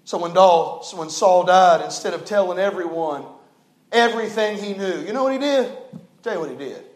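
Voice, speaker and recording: A man preaching a sermon as pastor, fervent and folksy, swinging from loud declarations to hushed, low passages. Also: moderate pace, reverberant. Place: church sanctuary.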